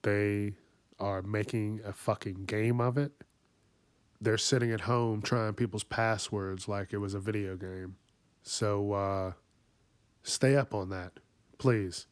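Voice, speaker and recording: A man's voice: lowish voice, steady tone, takes it slowly, no room sound. A man hosting a podcast, going off in a profane comedic rant, swearing constantly and laughing at his own jokes. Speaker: podcast host.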